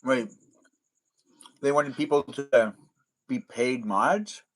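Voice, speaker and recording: A man's voice: mid-range voice, slow, fairly bright tone, rough recording. A man hosting a casual live stream chat, rambling and circling back to his own catchphrases.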